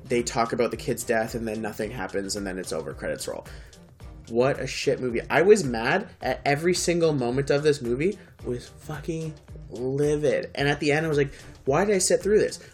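Animated young man retelling a movie. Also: mid-range voice, brisk, soft background music. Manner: animated, swearing, acts out scenes. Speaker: podcast co-host. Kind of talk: casual chat.

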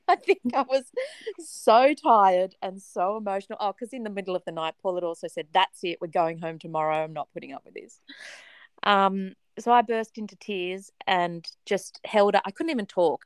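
A woman in her forties telling a personal story in a casual chat, animated and dramatic, often laughing. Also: medium pitch, dry recording.

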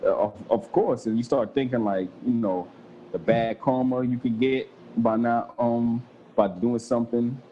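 A man in his thirties chatting casually with a friend about fatherhood, in relaxed slang with frequent swearing. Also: medium pitch, measured pace, dull audio, a little hiss or hum. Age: 30s. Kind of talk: casual chat.

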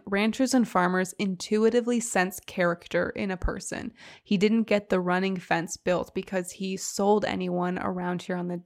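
A young woman co-hosting a casual podcast, chatting, laughing easily and reading long passages aloud in a steady storytelling tone. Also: mid-range voice. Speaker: podcast co-host.

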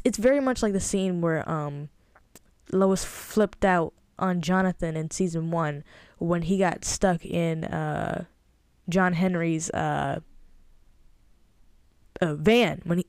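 A young adult woman hosts a podcast, giving a casual monologue reviewing a TV episode in a chatty, emphatic way with exasperated asides. Her voice is on the low side and a little mellow, recorded studio-quality with no echo.

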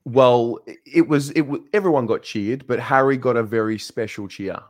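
A man co-hosting a football fan show, relaxed and calm as he steers it along and reads out announcements. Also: medium pitch, moderate pace, no echo, clean studio sound. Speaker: co-host. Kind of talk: casual show chat and announcements.

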